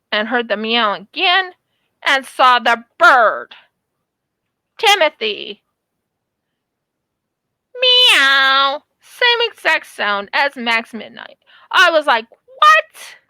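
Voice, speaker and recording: A woman's voice: fairly high pitch, slow pace, pauses often, no room sound. A woman vlogger chatting casually about childhood memories while she crafts, acting out quotes as she goes. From United States. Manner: animated, acts out quotes in her storytelling.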